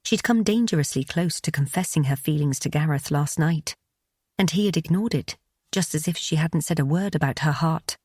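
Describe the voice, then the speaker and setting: A woman narrating an audiobook in a measured, even storytelling delivery, recorded close on a studio mic. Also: deep voice, slightly rough, no echo.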